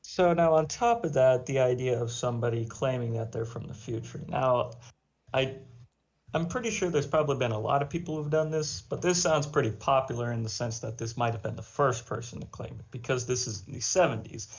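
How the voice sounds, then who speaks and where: A man's voice: medium pitch, brisk. A man chatting casually as co-host of a reaction video, rambling with lots of fillers. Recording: lo-fi dull sound.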